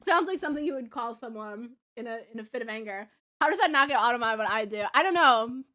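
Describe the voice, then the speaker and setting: A woman's voice: a little high, animated, fast talker, pushed and bright. A young woman streaming a farming game, chatting casually with her viewers, giggling often and talking while she eats. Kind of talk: casual chat while playing. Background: faint game music.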